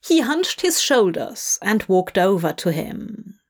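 A woman narrating a fan audiobook in a measured storytelling voice. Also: medium pitch, sing-song, husky.

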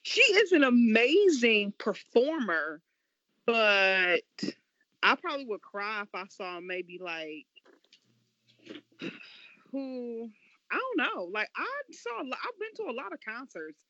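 A woman's voice: on the high side, big pitch swings, slow pace, pauses often, a bit bright, no room sound, dull audio. A woman co-hosting a casual chat, talking hesitantly with laughs. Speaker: co-host.

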